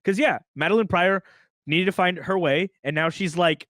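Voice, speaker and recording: Relaxed young man, slightly high voice. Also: normal speed, dry recording. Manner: relaxed, enthusiastic, chuckling. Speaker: podcast co-host. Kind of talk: casual chat.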